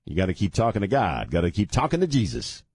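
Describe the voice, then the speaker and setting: A man with a deep, low voice hosts a radio show from a dry, close studio mic. He rambles casually and jokes about himself, then grows earnest about prayer. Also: huge pitch swings, fast talker, darkish tone, breathy edge, dry recording. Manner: rambling, self-deprecating, earnest about faith. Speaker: radio host. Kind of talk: casual talk radio monologue. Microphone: studio mic with headphones.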